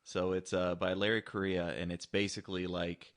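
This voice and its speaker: A man co-hosting a casual podcast chat in a laid-back, agreeable way, with plenty of pauses and fillers. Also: low voice, little pitch movement. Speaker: podcast co-host.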